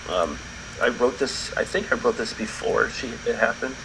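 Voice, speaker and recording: A man's voice: mid-range voice, normal speed, gravelly, background noise. A man co-hosting a podcast in casual, laid-back chat that rambles and trails off. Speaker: podcast co-host.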